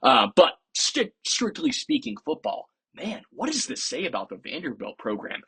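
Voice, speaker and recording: Husky, lively-voiced man. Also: sits high, normal speed. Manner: opinionated, playfully sarcastic. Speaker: podcast host. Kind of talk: casual sports commentary.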